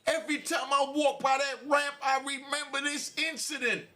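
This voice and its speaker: A middle-aged man, a podcast host telling a street story in an animated, slangy way. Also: very high voice, normal speed. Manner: animated, slangy, frequent "you know".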